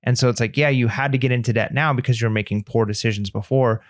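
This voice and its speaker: A man's voice: mid-range voice, steady tone, fast talker, no room sound, studio quality. Earnest rambling man on a podcast. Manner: earnest, rambling, many "like" fillers. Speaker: podcast co-host. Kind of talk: casual podcast chat.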